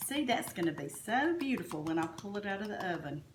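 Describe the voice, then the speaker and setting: Cooking in her home kitchen, a Southern woman from Alabama chats folksily and enthusiastically with her viewers, constantly addressing them as "y'all." Her medium-pitched voice is sing-song and fairly quick, and the sound is roomy with slight hiss or hum.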